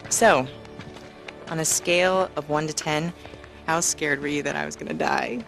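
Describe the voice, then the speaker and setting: A man's voice: on the high side, fairly even intonation, normal speed, creaky, fairly bright tone, soft background music. An actor playing a wisecracking adventurer, teasing his partner in playful, mock-outraged banter in a game cutscene. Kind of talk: video game cutscene acting.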